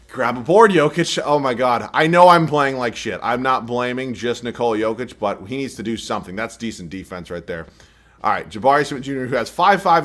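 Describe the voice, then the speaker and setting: Animated young man yelling over gameplay. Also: mid-range voice. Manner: swears often, frustrated outbursts, self-deprecating. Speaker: gaming YouTuber. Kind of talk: live gameplay commentary.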